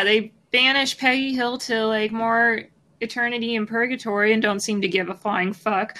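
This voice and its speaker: A woman's voice: on the high side, sharp tone. Young woman in casual podcast chat. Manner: joking, swears casually, laughs often. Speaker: podcast co-host.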